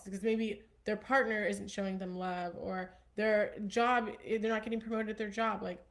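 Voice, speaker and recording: A young woman hosting a casual self-help talk to her viewers, earnest and upbeat, with frequent likes and ums. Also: medium pitch. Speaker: host.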